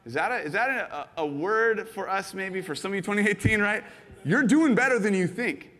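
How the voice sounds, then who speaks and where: A fast-talking pastor in his thirties, a man with a high voice, preaching with animated, filler-heavy storytelling. His voice rings in a church hall with a long reverb. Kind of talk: sermon. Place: church sanctuary.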